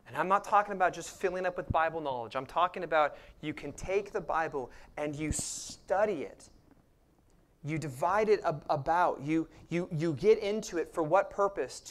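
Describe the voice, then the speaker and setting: A man preaching a sermon as pastor, dropping to hushed near-whispers and rising to loud emphatic passages, acting out the prayers and lines he quotes. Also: on the high side, lively intonation, normal speed, a little hiss or hum. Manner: acts out quoted voices and prayers.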